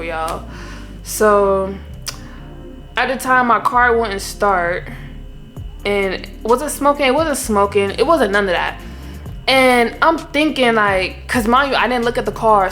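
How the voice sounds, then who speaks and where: A young woman, telling a story in an animated, exasperated way and often addressing viewers directly as a vlogger. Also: mid-range voice. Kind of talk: storytime vlog.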